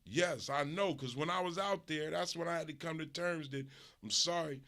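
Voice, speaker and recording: Hosting a stream, a middle-aged man from Los Angeles tells a funny story as a profane, animated rant, his pitch and volume swinging widely while he keeps to a normal speed.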